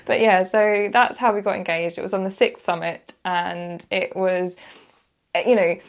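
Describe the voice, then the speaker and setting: A woman chatting as a podcast guest, at an ordinary pitch and in her everyday voice. She tells her story with lively energy, slipping into quoted voices as she goes. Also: moderate pace. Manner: animated storyteller, acts out quotes, laughs often. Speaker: freelance motoring journalist, podcast guest. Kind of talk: casual storytelling chat.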